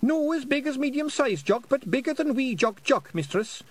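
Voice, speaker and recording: A man's voice: extremely high pitch, lively intonation, normal speed, breathy edge, pitched above the performer's own voice, heavily acted. A man voicing a tiny, earnest male pixie warrior with a Scottish accent, in a storybook reading. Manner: earnest, eager to help.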